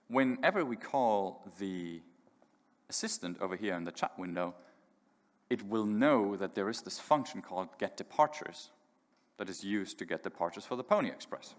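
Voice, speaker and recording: Man, conference speaker, fairly low voice, casual with ums, long hall reverb. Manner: casual, many fillers and restarts. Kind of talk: live tech demo talk.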